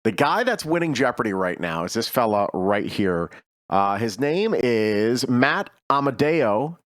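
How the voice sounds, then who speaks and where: Animated male chat show host. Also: medium pitch, measured pace, dry recording, clean studio sound. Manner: animated, rambling, frequent restarts. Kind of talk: casual chat show banter.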